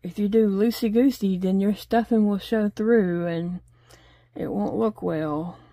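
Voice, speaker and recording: Slow, mellow woman chatting. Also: mid-range voice, steady tone, no echo, studio quality. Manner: rambling, chatty, talks to her pets. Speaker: crochet vlogger. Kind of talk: casual chat while crocheting. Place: home desk.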